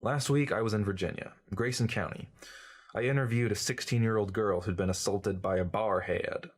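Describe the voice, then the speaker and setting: A man's voice: lowish voice, steady tone, normal speed, husky. A man reading as a glib, cynical journalist who lectures breezily in an audiobook. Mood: lecturing. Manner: breezy, lecturing, know-it-all.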